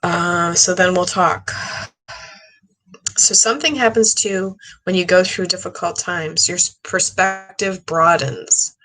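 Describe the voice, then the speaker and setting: Woman, psychic medium, earnest rambling delivery, tired, slightly low pitch. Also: a little slow, pushed and bright. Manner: rambling, earnest, many fillers and restarts. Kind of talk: casual monologue to camera.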